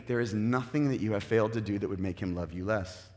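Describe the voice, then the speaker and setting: A male pastor preaching a sermon in an animated way, acting out the voices he quotes and swinging from loud to hushed. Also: fairly low pitch, fast, hardly any pauses. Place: church sanctuary. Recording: long church reverb.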